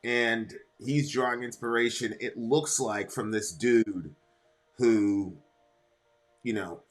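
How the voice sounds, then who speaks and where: A man's voice: medium pitch, steady tone, slow pace, faint music behind. A middle-aged American man co-hosting a reaction show, reading lyrics aloud and explaining them at length in casual chat. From United States.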